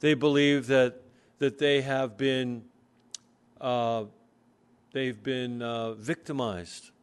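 A man preaching a sermon, earnestly explaining scripture and reading verses slowly. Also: medium pitch, little pitch movement, smooth. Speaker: pastor.

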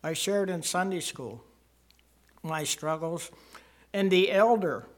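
An older man telling his personal testimony to a church congregation, earnest and rising to emphasis at key moments. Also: high-pitched. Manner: slow, earnest storytelling with swells of emphasis. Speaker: church member giving testimony.

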